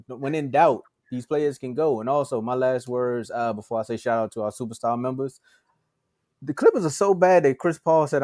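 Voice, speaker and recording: A man co-hosting a sports podcast, joking animatedly, laughing between lines and rattling off shout-outs to listeners. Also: medium pitch, no echo, studio quality. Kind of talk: casual sports banter.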